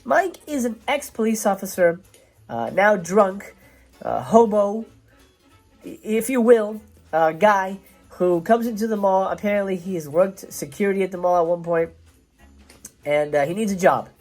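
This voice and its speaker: A man's voice: high-pitched, lively intonation, normal speed, darkish tone, faint music behind. A man hosting a casual film review show, talking in a chatty, rambling way with lots of fillers and restarts.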